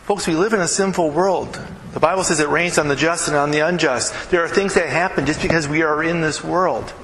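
A man's voice: on the high side, fairly quick, fairly bright tone. A man preaching a sermon in a church, conversational and earnest, often checking in with the congregation. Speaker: pastor. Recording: echoey hall with background noise.

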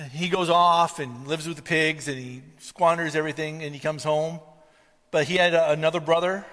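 A man with a high, bright voice preaches to his congregation, shifting into animated impressions as he tells stories. His words ring out with a long hall reverb around them. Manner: animated storytelling, mimics voices in anecdotes. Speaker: pastor. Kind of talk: sermon.

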